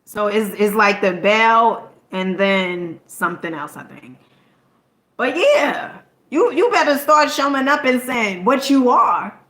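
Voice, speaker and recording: A woman content creator talks straight to her audience with an emphatic, preachy delivery, checking in with "okay?" after nearly every point and swearing now and then. Her voice sits a little high. The sound carries a noticeable room echo. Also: expressive, slow pace, a bit bright. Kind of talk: motivational talk to camera.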